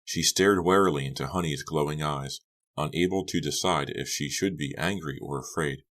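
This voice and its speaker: A man with a very deep voice narrates an audiobook. His scripted storytelling is steady and measured.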